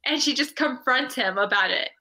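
A woman's voice: sits high, animated, moderate pace, sharp tone. A woman co-hosting a podcast, retelling scenes in casual chat and laughing as she goes. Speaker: podcast co-host.

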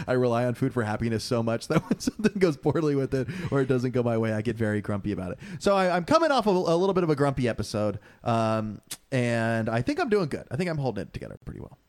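A man's voice: medium pitch, fast. Jokey young man podcast co-host. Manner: jokey, laughs often, animated. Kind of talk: casual chat.

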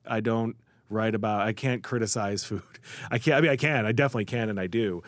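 A man's voice: fairly low pitch, fast, dry recording. A man from the Chicago area, a food writer guest, chatting casually and acting out quoted voices as he tells stories. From Chicago area, USA. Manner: animated storyteller, acts out quoted voices. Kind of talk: casual interview talk.

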